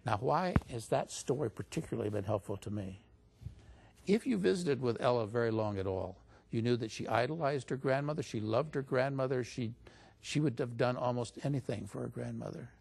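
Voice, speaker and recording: Male interview guest, husky and gravelly, conversational storyteller who voices quotes higher. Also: a little fast. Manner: animated retelling, pitch jumps up when quoting others.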